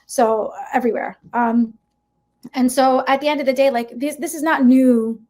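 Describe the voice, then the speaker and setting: A woman's voice: sits high, fairly even intonation, normal speed, warm tone. A middle-aged woman from the United States, a guest educator in a podcast interview, speaking in an impassioned, emphatic way and often adding a rhetorical "right?".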